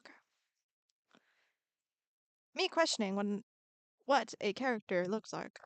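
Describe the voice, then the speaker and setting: A woman's voice: medium pitch, lively intonation, a little slow, dry recording. A woman streaming as she draws, chatting in a bubbly way, answering her chat and muttering to herself as she works. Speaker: art streamer. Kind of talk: casual live-stream chat while drawing.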